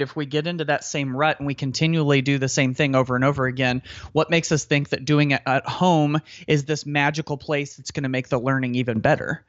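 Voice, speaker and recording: A man's voice: fairly high pitch, fairly bright tone, dry recording. A man who is an educator and author, talking earnestly in a podcast interview and explaining his ideas at length. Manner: earnest, explanatory, repeats words when thinking. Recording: dry, slightly dull sound.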